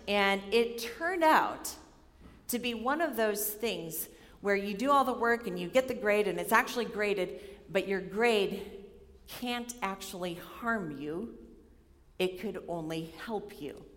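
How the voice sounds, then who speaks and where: A woman's voice: medium pitch, measured pace. Woman preaching in an echoing hall. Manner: animated storyteller, acts out her own worried voice. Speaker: speaker giving a chapel talk. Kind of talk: sermon with personal story. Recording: long hall reverb.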